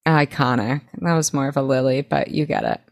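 A young woman with a Southern American accent, co-hosting a podcast and excitedly retelling a TV episode in casual chat. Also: extremely low pitch, a little fast, vocal fry, dry recording. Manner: animated retelling, quoting characters. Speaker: podcast co-host.

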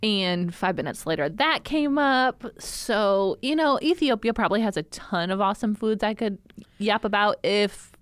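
A woman's voice: mid-range voice, expressive, moderate pace, clear, resonant tone, no echo. Bubbly, playful woman. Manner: bubbly, playful, laughs often. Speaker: podcast co-host. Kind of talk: casual chat.

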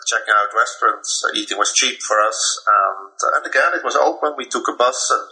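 Older Dutch man, bright and halting. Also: medium pitch, low-quality recording. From Netherlands. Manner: halting, many fillers and restarts. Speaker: interview guest, author. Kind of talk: recounting memories in conversation.

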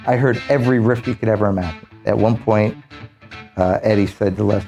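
A man, a police officer, telling an animated story and acting out the voices of the people in it. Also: lowish voice, normal speed, gravelly, soft background music.

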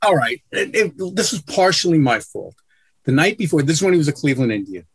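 A man's voice: fairly high pitch, sing-song, fairly quick, breathy edge, no echo. A man telling blunt, profane stories as a guest in an interview over a video call. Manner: blunt, profane, self-deprecating. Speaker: guest, sportswriter. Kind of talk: casual interview storytelling.

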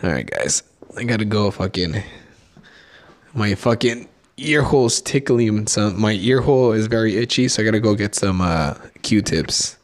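A young adult man hosting a solo comedy podcast, rambling and swearing, leaping into mocking high notes as he riffs. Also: animated, normal speed. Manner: profane, rambling, jumps between topics; mocking sing-song jumps up in pitch. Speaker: podcast host.

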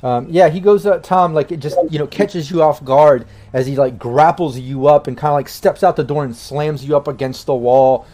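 A man's voice: a little high, fairly even intonation, normal speed, few pauses, warm tone. A man narrating a tabletop game on a stream as game master, in a casual, rambling way.

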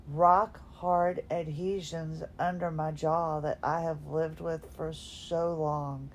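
Slow, low-voiced woman podcasting from bed. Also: darkish tone, slight background noise. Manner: rambling, self-deprecating, yawning. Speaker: podcast host. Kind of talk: casual solo podcast talk. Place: lying in bed at home.

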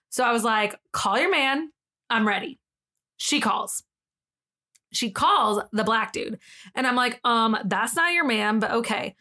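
Higher-pitched woman co-hosting a casual podcast. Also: vocal fry. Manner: animated retelling with slang and frequent laughter. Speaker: podcast co-host. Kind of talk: casual storytelling, reading a thread aloud.

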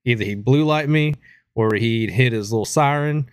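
A relaxed man tells a story in casual podcast talk, often stopping on an "uh". His voice sits at a medium pitch and sounds dry and close to the mic. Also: smooth, dry recording. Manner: relaxed and halting, with frequent "uh" pauses.

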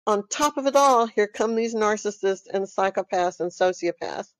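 A woman's voice: medium pitch, moderate pace, dry recording. A woman with a Texan accent, talking casually and emphatically to listeners on her own podcast, with many fillers. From Texas. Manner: rambling, emphatic, with frequent fillers. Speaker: podcast host. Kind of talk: casual solo talk.

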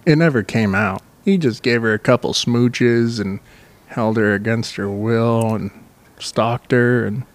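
A man's voice: medium pitch, measured pace. A man co-hosting a podcast in casual crude banter, laughing often and swearing freely. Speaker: podcast co-host.

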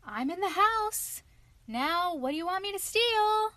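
A woman's voice: animated, moderate pace, no room sound. A woman voicing a tiny, brave, cheeky thumb-sized boy in a storybook reading, calling out eagerly. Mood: shouting. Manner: high, eager, calling out loudly.

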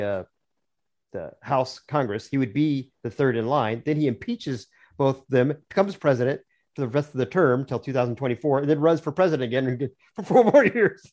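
A man's voice: mid-range voice, darkish tone. A man on a podcast as a guest author, chatting casually in a rambling, jokey way with frequent restarts. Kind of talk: casual chat.

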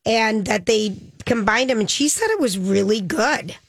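A woman's voice: a little high, lively intonation, moderate pace, no room sound, clean studio sound. A woman co-hosting a casual entertainment chat, chiming in to finish the other host's sentences. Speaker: co-host.

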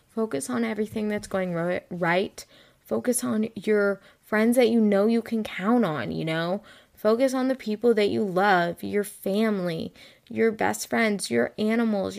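A woman's voice: medium pitch, gravelly. A seventeen-year-old girl hosting a casual solo podcast, rambling and chatty with lots of "like", frank and self-mocking, sounding tired. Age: late teens. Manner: chatty, rambling, heavy use of "like". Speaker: podcast host.

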